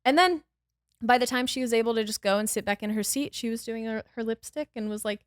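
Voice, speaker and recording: A woman on a podcast telling a dramatic story in a casual, animated way, laughing as she goes. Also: a little high, fast talker, dry recording, studio quality. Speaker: podcast guest.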